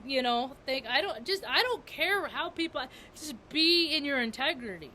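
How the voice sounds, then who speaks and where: A woman's voice: sits high, lively intonation, moderate pace, few pauses, bright, forceful tone, slight background noise. A woman vlogger talking in a rambling spiritual monologue, repeating and restarting her words with emphasis.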